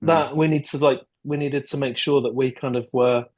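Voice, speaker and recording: Man, podcast guest, thoughtful, hesitant, throat clearing, medium pitch, video call. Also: fairly even intonation, moderate pace, darkish tone. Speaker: guest filmmaker and actor. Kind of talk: casual interview chat.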